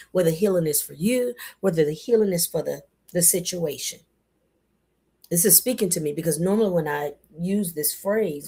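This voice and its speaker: A woman giving a casual spoken affirmation talk in a folksy, animated way, calling listeners baby and y'all. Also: fairly low pitch, slightly rough. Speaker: motivational speaker.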